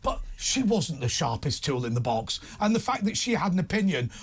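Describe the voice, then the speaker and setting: A man's voice: a little high, sing-song, a little fast, husky. A man on a talk show panel giving firm opinions.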